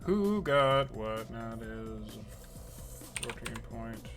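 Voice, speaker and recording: A man's voice: medium pitch, animated, slow pace, over music. A man running a tabletop game as dungeon master, playful, with dramatic outbursts.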